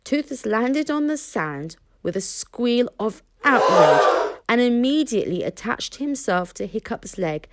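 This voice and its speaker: Slow, expressive woman reading a storybook. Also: medium pitch, no echo, clean studio sound. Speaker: reader. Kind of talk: children's audiobook narration.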